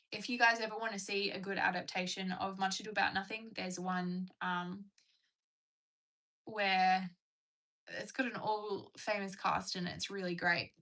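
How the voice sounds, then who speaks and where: Young woman livestream host, gravelly edge, bright tone, chatty, answers comments. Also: mid-range voice. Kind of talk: casual live-stream chat. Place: at home.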